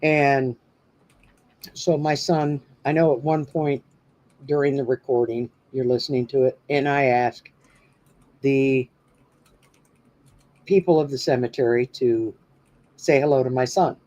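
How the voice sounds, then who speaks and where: A man's voice: mid-range voice, fairly even intonation, measured pace, pauses often, darkish tone, dull audio. A man hosting a paranormal podcast, telling a story in a rambling, casual way with many fillers. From New Hampshire. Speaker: podcast host.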